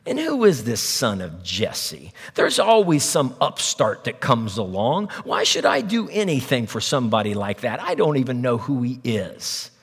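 A man voicing a mean, surly rich man who sneers slowly and low. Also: very animated, husky, big-room sound. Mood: scornful.

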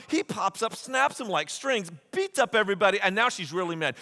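A man preaching a sermon, retelling stories with lively, acted-out voices. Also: high-pitched, brisk, hardly any pauses, long reverb tail. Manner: animated storytelling, acts out quotes. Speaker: pastor.

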